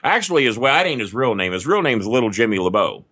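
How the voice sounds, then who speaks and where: A man's voice: mid-range voice, sing-song, quick pace, a bit bright, no echo. A man, telling crude, self-mocking stories as a podcast guest. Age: 50s. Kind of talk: casual storytelling. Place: not at a desk microphone.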